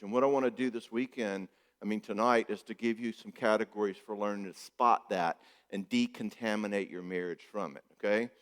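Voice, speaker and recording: Joking man in an echoey hall. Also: fairly low pitch. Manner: joking, conversational, keeps checking in with "okay?". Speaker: marriage therapist speaking at a conference. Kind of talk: conference talk. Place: church hall.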